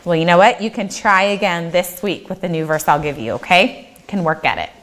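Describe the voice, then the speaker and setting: A woman's voice: lowish voice, brisk, fairly bright tone. A woman teaching a children's church class, upbeat and encouraging, often checking in with the kids and leading them in sung scripture.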